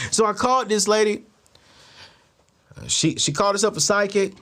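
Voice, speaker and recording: A male host telling a story in an animated monologue, acting out both sides of each conversation and jumping up in disbelief. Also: moderate pace, long pauses. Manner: expressive, acts out both sides of dialogues, voice jumps high in disbelief.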